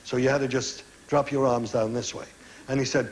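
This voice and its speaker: An older man spins a chat show anecdote with animated energy, slipping into quoted voices. The studio has a faint hiss and ambience behind him. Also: mid-range voice, a little fast, low-quality recording. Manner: animated storyteller acting out quotes. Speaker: guest.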